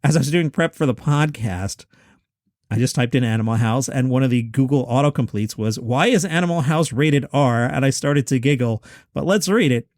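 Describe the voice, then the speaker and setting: A medium-pitched, slightly mellow male voice belongs to a podcast host in his fifties. Alone at home, he works through movie lists with wry, chatty asides. The audio is clean and studio-quality, with no echo.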